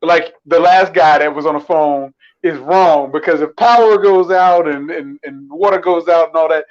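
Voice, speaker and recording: A man calling in to a casual chat, talking in halting bursts with many ums and restarts. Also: fairly high pitch, dull audio. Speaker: caller.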